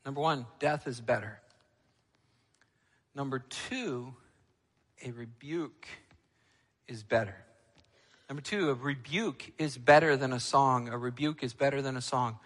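Man, pastor, sermon, emphatic, loud and quiet turns, long hall reverb. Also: medium pitch, a little slow, long pauses.

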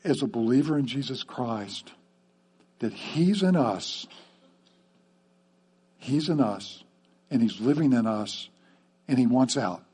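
A man's voice: mid-range voice, lively intonation, slow pace, long pauses, warm tone, husky. A man preaching a sermon to his church in a conversational way, often checking in with the congregation with "okay?". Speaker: pastor.

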